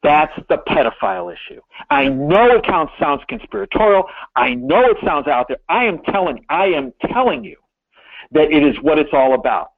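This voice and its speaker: A man's voice: fairly high pitch, very animated, moderate pace, no room sound. An older man telling stories as a guest in an interview, rambling and emphatic with many restarts. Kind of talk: phone-in interview storytelling. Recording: tinny phone line.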